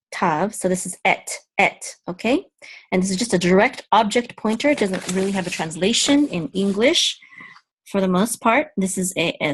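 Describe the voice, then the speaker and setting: A woman teaching a Hebrew reading lesson step by step, patient and halting, with frequent ums and self-corrections. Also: fairly low pitch, slightly rough.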